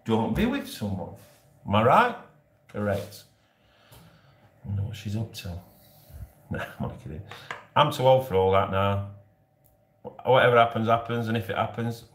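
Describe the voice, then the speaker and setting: A Yorkshire man in his forties, with a lowish, very animated voice and moderate pace, hosts a casual live stream and pauses often. He rambles jokily to viewers, laughing frequently, in a recording with a roomy echo.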